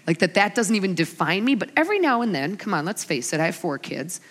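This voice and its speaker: Woman, forties, women's ministry speaker; lively, expressive storytelling sermon, long hall reverb. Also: fairly low pitch, fast. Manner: animated storyteller, voices her family in quotes. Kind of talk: sermon with humorous stories.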